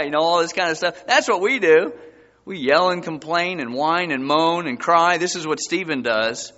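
A man preaching a sermon as a pastor, his voice surging high and loud for emphasis. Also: expressive, moderate pace. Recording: dull sound with long hall reverb.

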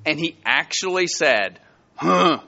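Animated man preaching in a church hall. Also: on the high side, moderate pace, highs cut off. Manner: animated storytelling with rising emphasis. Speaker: pastor. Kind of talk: sermon. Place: church sanctuary.

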